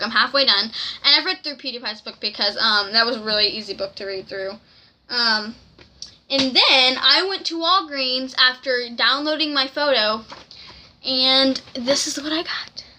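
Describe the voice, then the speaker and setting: Bright, high-voiced young woman vlogging. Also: a little hiss or hum. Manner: excited, rambling, giggly storytelling. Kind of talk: casual storytime vlog.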